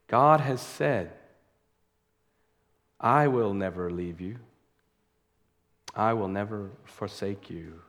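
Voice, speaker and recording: A man preaching a sermon in an earnest way, slowing down to stress key words as he reads scripture aloud. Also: on the low side. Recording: long hall reverb.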